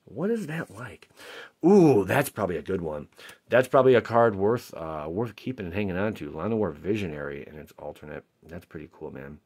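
A man hosting a casual card pack-opening video, joking to himself and shouting when he pulls a good card. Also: low-pitched, a little fast, breathy edge. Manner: excitable, jokey, shouts at big pulls. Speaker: card-opening channel host.

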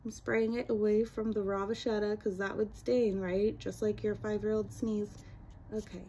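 A woman's voice: mid-range voice, level tone, normal speed, warm tone, slight background noise. A young adult woman vlogger chatting casually through a product unboxing and review, rambling with self-deprecating asides.

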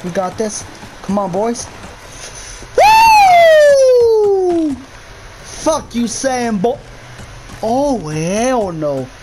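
A man's voice: sits high, lively intonation, slow, heavy background noise. A young man commentating his own gameplay of a horror map, jumpy, swearing a lot and yelping at scares. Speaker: gamer.

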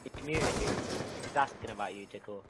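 A man's voice: on the low side, brisk, very noisy. A young British man giving casual, teasing commentary over his own gameplay on a headset. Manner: teasing, laughing banter. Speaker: gamer recording his own matches. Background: loud game music and gunfire.

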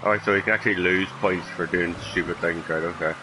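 Deep-voiced swearing gamer guy. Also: steady tone, fast, noisy background. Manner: profane, self-mocking. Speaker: gaming channel host. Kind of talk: casual gameplay commentary.

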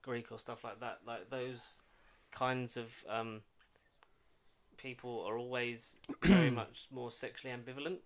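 A man's voice: medium pitch, a little slow. A man co-hosting a podcast in casual chat, hesitant and full of fillers, dropping dry quips.

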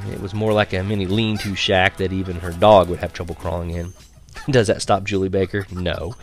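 A young man reading a first-person story aloud, lively and wry, switching to quieter voices for the other characters. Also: lowish voice. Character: boy narrator recalling spying on a neighbor. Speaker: audiobook narrator. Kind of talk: first-person audiobook narration.

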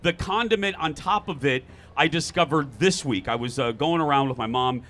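A man hosting a talk show outdoors at a fair, telling stories in a lively, joking way. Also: a little high, normal speed. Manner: lively, jokey storytelling. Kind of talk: casual chat.

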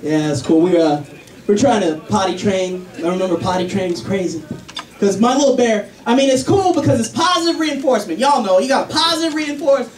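A man's voice: sits high, brisk. A man doing a chatty stand-up comedy set about parenting, acting out voices. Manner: animated, chatty, acts out voices. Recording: roomy club, distant mic, crowd noise.

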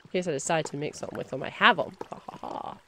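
A woman's voice: low-pitched, fast, pushed and bright, a little hiss or hum. A woman giving chatty let's play commentary, talking to in-game items and shrieking when startled. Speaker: gamer.

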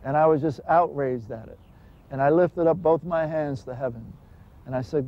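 Over faint music in a dull lo-fi recording, a minister who was once a gangster earnestly retells his past, voicing its dialogue dramatically. He speaks at a moderate pace in a voice on the high side.

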